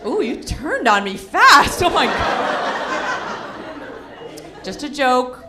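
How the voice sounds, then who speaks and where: A woman's voice: high-pitched, very animated, slow pace. A woman doing a sarcastic stand-up comedy set, mocking people in put-on voices. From Asian heritage. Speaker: stand-up comic. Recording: comedy club with loud crowd noise.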